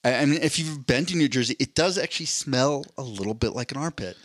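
A man co-hosting a podcast in casual chat, telling animated stories, swearing and mimicking other people. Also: mid-range voice, quick pace, no room sound. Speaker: podcast co-host.

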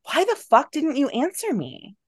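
A woman voicing a frightened young woman who bursts out in sharp, panicked lines while reading her novel. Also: lowish voice, big pitch swings, moderate pace.

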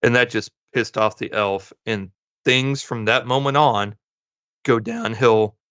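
A man's voice: medium pitch, measured pace, fairly bright tone, dry recording. A man co-hosting a podcast, casually retelling a movie plot and acting out the characters' lines in passing. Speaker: podcast co-host. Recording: dull lo-fi dry sound.

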